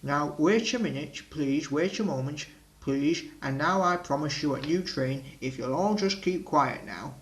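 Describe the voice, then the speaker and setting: A man voicing a stout, reassuring male railway boss in a storybook reading, firm and measured. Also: on the high side, animated, rough recording. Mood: pleading.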